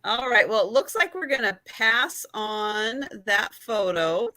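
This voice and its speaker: A woman's voice: medium pitch, slow, sharp tone. A woman hosting a live online sale, presenting items on a video call. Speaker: host selling vintage photos.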